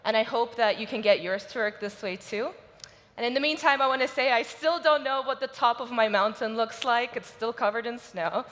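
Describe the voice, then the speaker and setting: A woman's voice: fairly high pitch, a little fast, a bit bright. Emotional woman speaker in a reverberant hall. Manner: personal, emotional storytelling. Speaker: conference speaker. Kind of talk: motivational stage talk. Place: large conference hall stage.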